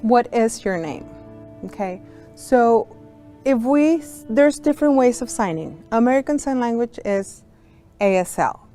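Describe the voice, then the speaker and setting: A woman's voice: on the high side, expressive, measured pace, mellow, soft background music. A woman who works as a sign language interpreter, patiently teaching a beginner lesson to young students step by step.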